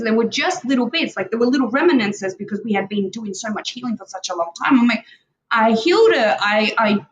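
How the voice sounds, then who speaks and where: A woman's voice: fairly high pitch, echoey room, lo-fi sound, slight background noise. A woman co-hosting a casual spiritual talk show, talking earnestly and rambling as she acts out her inner dialogue. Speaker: co-host.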